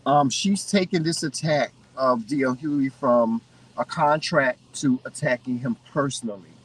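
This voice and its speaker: A man co-hosting a casual chat, giving opinions in an animated way and often restarting his sentences. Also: mid-range voice, normal speed, husky, far from the mic, rough recording. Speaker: co-host.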